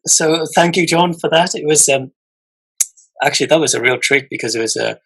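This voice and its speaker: A man's voice: fairly high pitch, a little fast, gravelly, fairly bright tone, husky, rough recording. A man hosting an author podcast, chatting casually and hesitantly. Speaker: podcast host. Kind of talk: casual interview chat.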